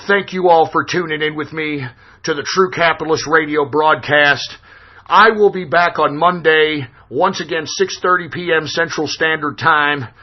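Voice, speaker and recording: Hosting an online political call-in show, this man delivers an intense, emphatic, profanity-laced monologue. His voice is on the high side, and the recording has its high frequencies cut off.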